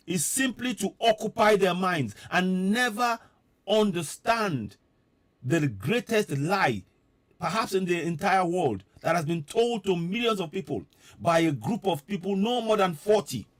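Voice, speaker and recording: A man speaks with fervent, insistent energy on a live stream, his voice sitting fairly high. He hammers his points home through repetition, like a preacher. The sound is dry and close, with no room echo. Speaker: political commentator addressing diaspora viewers. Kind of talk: impassioned live-stream address.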